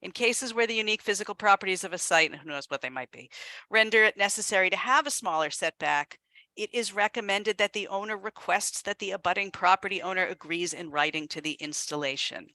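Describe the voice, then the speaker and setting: A woman with a bright, clear voice reads draft rules aloud at a town committee meeting. She speaks in a measured, practical way, and the sound is close and dry. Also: mid-range voice, dry recording. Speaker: zoning commission staff member. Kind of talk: municipal committee meeting discussion.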